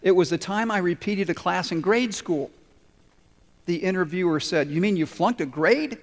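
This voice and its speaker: A man's voice: high-pitched, moderate pace. Man preaching in a reverberant hall. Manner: storytelling preacher, voices the people in the story. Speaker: pastor. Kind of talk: sermon. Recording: long reverb of a large hall.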